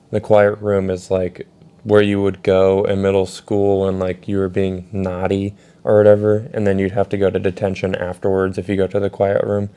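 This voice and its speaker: A young man telling a casual storytime vlog, swearing a lot and acting out quotes loudly. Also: sits low, brisk, smooth. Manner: animated, swearing, acts out quotes in raised voice.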